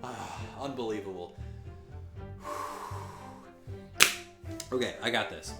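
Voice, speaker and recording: A man's voice: lowish voice, slow pace, creaky, roomy sound, loud music behind the voice. A man streaming a story game with his wife, reading its lines in put-on voices, often laughing, groaning and swearing. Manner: puts on character voices and accents while reading. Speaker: let's play streamer.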